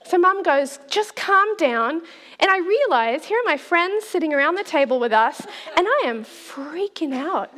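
Brief: middle-aged woman preacher, high and lively voice, animated storytelling with laughs. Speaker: speaker at a church talk. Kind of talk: storytelling sermon.

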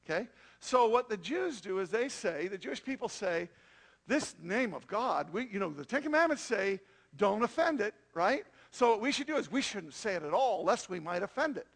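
A man's voice: high-pitched, vocal fry, a bit bright. A man preaching a sermon to a congregation, often asking them rhetorical questions. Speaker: pastor.

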